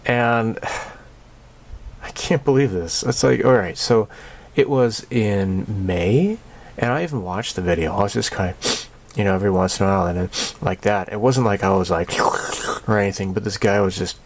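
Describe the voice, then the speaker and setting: Man, lowish voice, casual channel update, rambling, sarcastic, laughs a lot. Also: moderate pace, a little hiss or hum. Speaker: channel host.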